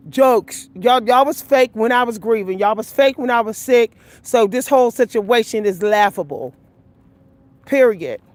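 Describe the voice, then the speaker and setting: A vlogger offers life advice to her viewers as she walks outdoors, her fairly high voice casual and emphatic, often breaking into laughter. The recording is dry.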